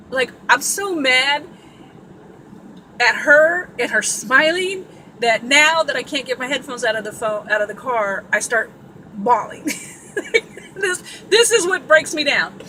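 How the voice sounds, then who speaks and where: A woman's voice: high voice, unhurried, sharp tone, a little hiss or hum, rough recording. A woman from Sacramento telling a story in a casual, blunt and profane way, full of asides. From Sacramento, California. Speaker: vlogger.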